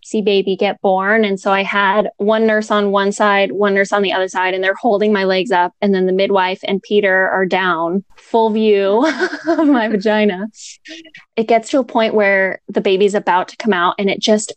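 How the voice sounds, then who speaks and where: A young woman telling her birth story in casual chat, chatty and quick to laugh, with lots of "like" fillers. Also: mid-range voice, fairly even intonation, no echo.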